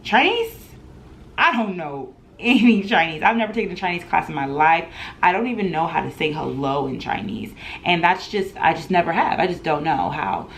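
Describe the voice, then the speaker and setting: A young woman in her twenties telling an animated storytime in a home vlog, chatty and full of laughs. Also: sits low, brisk, creaky, a little hiss or hum. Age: 20s. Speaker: vlogger.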